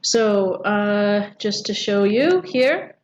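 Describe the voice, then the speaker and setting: Speaking very slowly and expressively, this woman has a medium-pitched voice. She walks through a poetry lesson step by step, often saying "um" and posing rhetorical questions, in a recorded lecture with dull audio and faint background noise.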